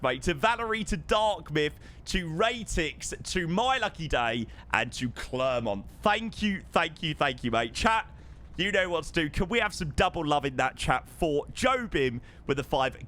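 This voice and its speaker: A man streaming live over a flight simulator, effusive and excitable, thanking his chat again and again. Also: on the high side, normal speed. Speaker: livestreamer.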